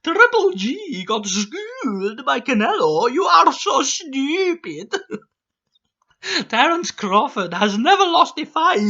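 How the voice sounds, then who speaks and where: A whiny know-it-all troll in a squeaky cartoon boy-genius voice, drawn out slow and sneering with a crying edge, as a man puts him on. It sounds bright and sharp, on dull lo-fi audio. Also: big pitch swings, full character voice. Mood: mocking.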